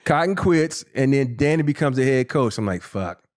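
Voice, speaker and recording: A man in his fifties, a former basketball player and podcast guest, telling a profane, animated story and acting out what people said. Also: mid-range voice, brisk. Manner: animated, profane, acts out quotes in a raised voice. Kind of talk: casual storytelling.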